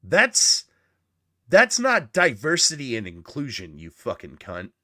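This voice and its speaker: A man's voice: medium pitch, wildly swooping pitch, measured pace, bright, forceful tone. A man hosting a reaction video, ranting indignantly with heavy swearing. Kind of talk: casual profane commentary rant.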